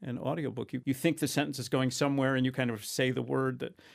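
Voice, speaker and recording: A man's voice: medium pitch, steady tone, quick pace, gravelly. A man who narrates audiobooks, talking in an interview in a wry, self-deprecating, storytelling way. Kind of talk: conversational interview.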